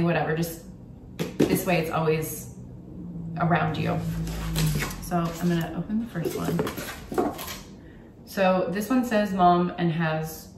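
A young woman YouTuber chats through a gift-guide vlog, candid and full of ums, in a fairly low voice. She's recorded off-mic in an echoey room, with faint background ambience and noise.

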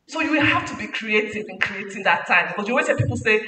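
A woman giving an animated, preachy motivational talk as a guest speaker at a parenting summit. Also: medium pitch, fast talker, few pauses. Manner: animated, preachy, mixing in laughs. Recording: echoey hall from far off, faint noise.

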